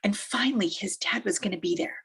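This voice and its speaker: Speaking a little fast in a creaky, husky voice of medium pitch, a woman gives animated, emphatic motivational talks full of uplifting stories, deliberately repeating phrases for effect.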